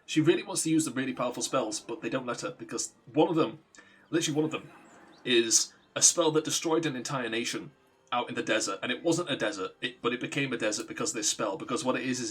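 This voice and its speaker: Husky man rambling over gameplay. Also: medium pitch, fast talker. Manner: rambling, animated storytelling. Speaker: streamer. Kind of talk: casual gameplay commentary.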